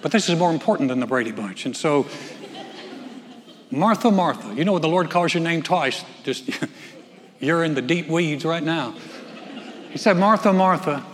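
A man's voice: medium pitch, in a large hall. A man preaching a sermon as pastor, conversational and folksy, with joking asides. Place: church sanctuary.

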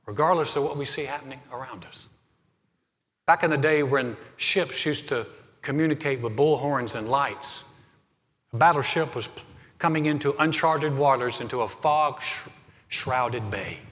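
A male pastor preaching a sermon in a church sanctuary, building to fervent emphasis and then softening into quiet prayer. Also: mid-range voice. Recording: long hall reverb, faint music.

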